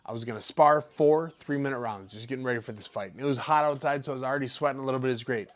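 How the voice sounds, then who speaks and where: A man's voice: mid-range voice, racing. A professional fighter telling a casual story, acting out quotes and sound effects as he goes.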